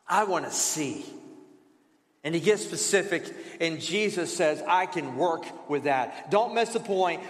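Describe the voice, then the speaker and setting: High-voiced pastor preaching in an echoey hall. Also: male voice, a bit bright. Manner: conversational preaching with rhetorical questions and repetition. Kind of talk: sermon. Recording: roomy hall reverb.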